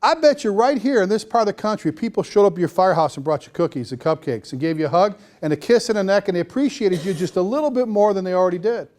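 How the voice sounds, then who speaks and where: A man speaking as a fire chief at a seminar, energetic and folksy, repeating phrases for emphasis. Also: high-pitched, quick pace, few pauses. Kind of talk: motivational seminar talk to firefighters. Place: seminar room before a live audience.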